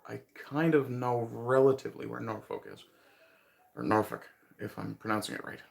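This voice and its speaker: A Newfoundland livestream host with a light accent chats casually with his viewers, rambling and chuckling as he thinks aloud. He has a mid-range, darkish voice with vocal fry, a steady tone, and normal speed.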